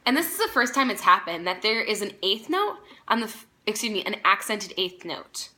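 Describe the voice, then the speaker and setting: A woman's voice: medium pitch, very animated, a little fast, pushed and bright. A woman teaching a string practice lesson, patiently naming notes and counting the players in. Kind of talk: practice video instruction. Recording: violin playing behind. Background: violin music.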